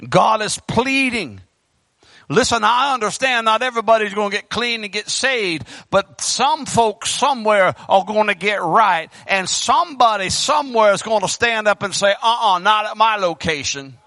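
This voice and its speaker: A man preaching a sermon in church into a microphone, fervent, swinging from loud bursts to hushed pleading. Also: high voice, normal speed, no room sound. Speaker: pastor. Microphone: handheld microphone.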